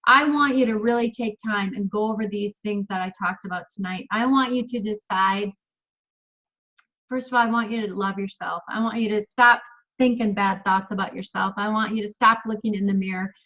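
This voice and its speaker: A woman's voice: mid-range voice, moderate pace, bright, forceful tone, muffled recording. A woman in her fifties giving an emphatic motivational coaching talk on a video call, repeating phrases and laughing often. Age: 50s.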